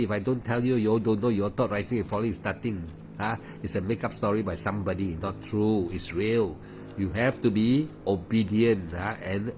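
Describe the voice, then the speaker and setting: A man leads a meditation talk, pressing his points and checking in with his listeners. His voice sits a little low. A faint steady hum runs underneath. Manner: insistent, repeats and asks "huh?" often. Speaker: meditation teacher. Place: at home late at night.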